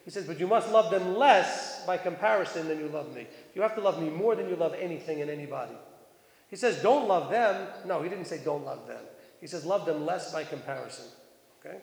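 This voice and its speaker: A man with a high voice preaches to a congregation in a relaxed, talkative way, reading verses aloud and turning to his listeners with questions. His voice rings out across a large hall with a long echo. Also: a little fast, creaky. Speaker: teacher of a congregation. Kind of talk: sermon. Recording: echoey hall.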